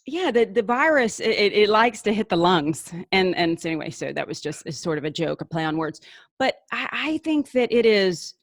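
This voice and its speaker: A woman's voice: mid-range voice, big pitch swings, moderate pace, no room sound, clean studio sound. A woman hosting an interview show, talking casually and earnestly with many restarts. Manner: eager, restarts often, earnest. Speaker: show host.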